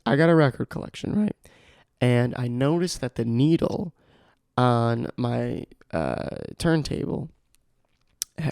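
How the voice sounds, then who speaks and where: Young guy podcasting solo, gravelly voice, dead dry mic, rambly and self-mocking. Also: mid-range voice, darkish tone, no room sound. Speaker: podcast host. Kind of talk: casual solo podcast talk. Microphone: studio microphone.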